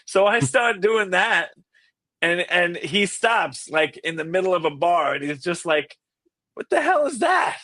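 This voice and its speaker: Bright-voiced tenor man telling a story. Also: sits high, unhurried, dry recording. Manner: animated storyteller who acts out quotes. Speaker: guest, classical tenor singer. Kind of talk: casual anecdote on a podcast.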